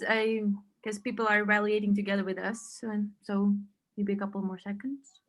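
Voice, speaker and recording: A woman in a live coffee cupping, briskly listing tasting notes and reading viewer comments. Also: medium pitch, level tone, a little hiss or hum. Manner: brisk, lists flavor notes. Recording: echoey room.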